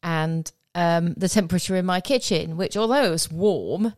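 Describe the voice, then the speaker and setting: Low-voiced woman, meandering chat. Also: moderate pace, darkish tone, no room sound. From Oxford, England. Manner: chatty, meandering explanations. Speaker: podcast co-host. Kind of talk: casual chat.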